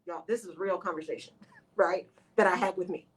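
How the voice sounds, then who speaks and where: A woman's voice: lowish voice, fairly even intonation, brisk, breathy edge, poor audio. A woman hosting a live radio talk show, speaking expressively to her listeners and acting out her own inner voice.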